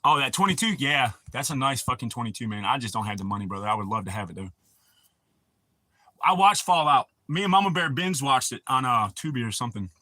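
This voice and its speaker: A man's voice: mid-range voice, very animated, fast talker, pushed and bright, no echo. A man, hosting a casual livestream and rambling crudely with a lot of swearing. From United States. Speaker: livestream host.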